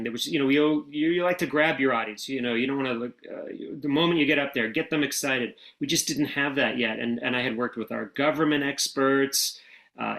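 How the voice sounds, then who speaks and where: Brief: American male interview guest, middle-pitched, relaxed anecdotal storyteller, plenty of fillers. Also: poor audio. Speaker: guest, former speechwriter.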